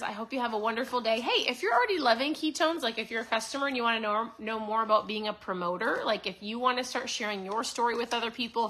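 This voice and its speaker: A woman in her forties talks straight to her listeners in an upbeat, chatty way, cheering them on and checking in with a quick "right?" Her voice sits fairly high and has a bright, slightly tense edge. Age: 40s. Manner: upbeat, chatty, encouraging, often asks "right?". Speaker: host. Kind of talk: casual motivational talk to listeners.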